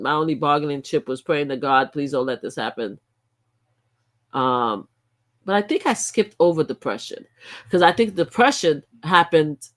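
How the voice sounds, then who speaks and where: A middle-aged woman talks casually on her livestream. Her pitch swings widely as she moves from low muttering to sudden loud, emphatic bursts. The delivery is unscripted and conversational. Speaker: livestream host.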